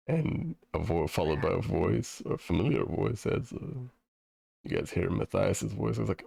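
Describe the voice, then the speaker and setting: A man narrating as game master of a tabletop game, halting, with spoken sound effects. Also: deep voice, gravelly, darkish tone, husky, dry recording, clean studio sound.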